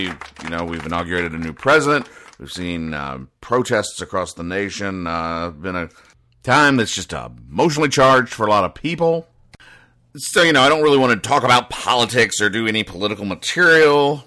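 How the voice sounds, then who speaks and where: A man's voice: low-pitched, pushed and bright. A man hosting a comics-reading show, talking casually with dry, wry asides and frequent hesitations. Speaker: host reading newspaper comics. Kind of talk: casual commentary.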